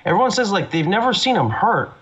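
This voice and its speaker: A man's voice: sits high, big pitch swings, quick pace, fairly bright tone, breathy edge, low-quality recording. A man, a guest MMA analyst, ranting in heated casual chat and swearing freely. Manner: profane, fired-up ranting.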